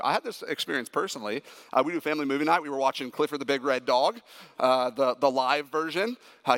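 A man preaching a sermon as a pastor, emphatic and animated when he tells stories. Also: fairly high pitch. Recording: echoey hall with long reverb.

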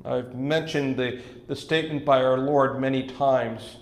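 A pastor preaches earnestly, explaining a psalm and stressing key words with rising emphasis. His medium-pitched voice is fairly even in intonation and a little slow, and the recording sounds roomy.

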